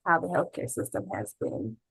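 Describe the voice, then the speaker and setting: A woman hosting an interview, asking thoughtful questions in a relaxed, conversational way with frequent fillers. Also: deep voice, normal speed, gravelly, slightly rough, dry recording, low-quality recording. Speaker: podcast host.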